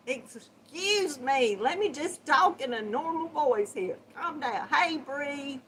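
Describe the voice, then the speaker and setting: A woman's voice: high-pitched, lively intonation, takes it slowly, a bit bright, a little hiss or hum, low-quality recording. A woman with a Southern US accent hosting a casual live-stream chat. She greets her viewers by name, chatting and laughing often. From Georgia, USA. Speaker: crochet channel host.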